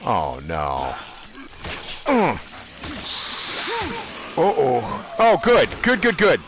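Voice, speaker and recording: A man doing animated, joking commentary while streaming a video game and talking to his chat. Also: mid-range voice, extremely slow, background noise. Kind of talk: gaming commentary.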